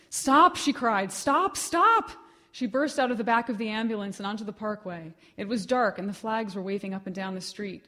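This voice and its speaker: A woman giving a live reading of her own fiction at a reading event, with measured, expressive storytelling. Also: medium pitch.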